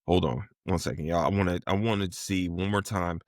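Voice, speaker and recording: A man's voice: low-pitched, fairly even intonation, a little fast, dry recording, studio quality. A man hosting a casual solo podcast, talking in a rambling, profane and enthusiastic way. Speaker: podcast host.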